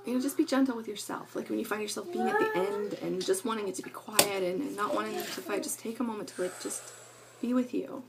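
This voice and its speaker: Gravelly-voiced woman chatting about parenting. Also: medium pitch, expressive, a little fast, very noisy. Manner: rambling, earnest, many fillers. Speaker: parenting vlogger. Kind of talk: casual talk to camera.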